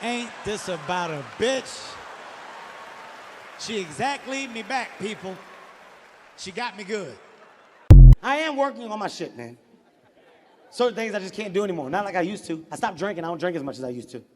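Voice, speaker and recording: Forties male comic, high-pitched and exasperated, live in a reverberant venue with faint background noise. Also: brisk, long pauses, a crowd in the background. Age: 40s. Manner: animated, exasperated storytelling with profane outbursts. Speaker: stand-up comedian. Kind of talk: stand-up comedy storytelling.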